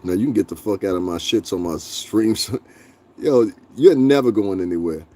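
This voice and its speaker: Talking back to his chat, this livestream host delivers blunt, profanity-laced, animated rants. His voice is lowish and moderately paced.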